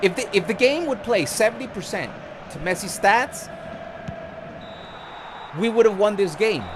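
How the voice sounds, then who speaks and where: A man's voice: high voice, lively intonation, measured pace, noisy background. A young man streaming a football video game, ranting with frequent swearing in casual commentary. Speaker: gaming streamer.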